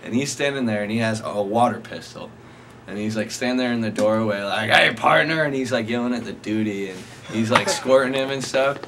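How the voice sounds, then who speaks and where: A man's voice: on the low side, brisk. A young man casually telling a rambling, profane anecdote to friends, often laughing as he talks. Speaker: storyteller. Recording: noisy amateur recording.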